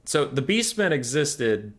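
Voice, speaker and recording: Very animated yet a little slow, this young man speaks at medium pitch while streaming live game commentary. The tournament caster and streamer keeps it chatty, answering viewer questions as they come in.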